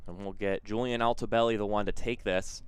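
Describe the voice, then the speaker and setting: A man with a low, smooth voice calls a live soccer match from the broadcast booth. His play-by-play is steady and conversational, and he fills slower moments with easy talk between the passes. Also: no echo. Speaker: play-by-play commentator.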